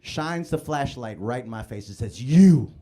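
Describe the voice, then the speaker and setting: Animated young male stand-up comic. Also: mid-range voice, normal speed. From Chicago, US. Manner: animated storytelling with stammered restarts. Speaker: stand-up comedian. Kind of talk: live stand-up comedy set. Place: comedy club stage.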